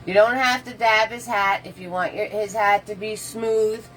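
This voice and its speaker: A woman with a medium-pitched, a-bit-bright voice speaks at normal speed with fairly even intonation; the low-quality recording has slight background noise. She leads a casual live painting tutorial, chatting with viewers, responding to their comments as she paints, and giving loose step-by-step instructions.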